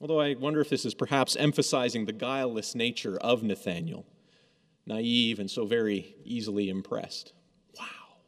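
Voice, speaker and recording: A man's voice: medium pitch, steady tone, a little fast, fairly bright tone. A man preaching a sermon in a conversational, storytelling way, acting out quoted lines as he goes. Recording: long hall reverb.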